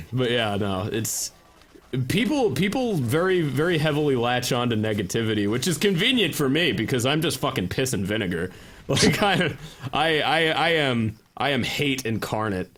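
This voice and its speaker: A man's voice: mid-range voice, big pitch swings, normal speed, fairly bright tone. A young man co-hosting a gaming stream, trading sarcastic, profane banter and slipping into mocking voices. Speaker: co-host. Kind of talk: casual chat while gaming.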